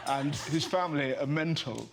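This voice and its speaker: A man's voice: on the high side, normal speed, vocal fry. A man in his thirties with an English accent, a comedian guest telling jokey anecdotes on a chat show. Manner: storytelling, jokey, laughs between lines. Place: TV studio with live audience. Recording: noisy studio, loud audience laughter.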